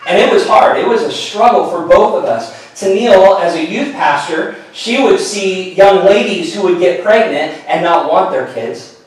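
A middle-aged pastor telling a personal story in a sermon, earnest and storytelling, often falling to a hushed voice. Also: male voice, high-pitched, normal speed. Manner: earnest storytelling, drops to a hushed voice at tender moments. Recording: echoey hall, mic at a distance.

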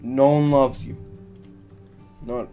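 A man's voice: mid-range voice, fairly even intonation, slow pace, mellow, faint music behind. A man giving casual gameplay commentary, tired and grumbling, swearing often as he talks to himself. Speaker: gaming YouTuber.

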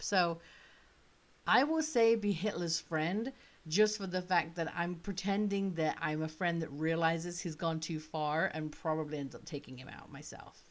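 Woman musing aloud, slightly low voice. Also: unhurried. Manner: musing, thinking out loud. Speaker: vlogger. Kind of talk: casual chat.

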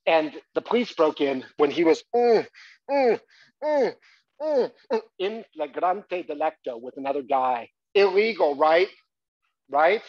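Animated male storyteller on stage. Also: fairly high pitch. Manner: animated, chatty, with asides to the audience. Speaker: solo stage performer and storyteller. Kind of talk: one-man stage monologue. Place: theatre stage, live audience. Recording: dull live theatre recording.

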